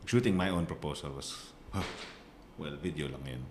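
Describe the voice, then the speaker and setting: A man's voice: very deep voice, normal speed, noisy background. A Filipino-accented man hosting a podcast, chatting casually with joking asides in English and Tagalog. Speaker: podcast host. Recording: roomy sound with crowd chatter.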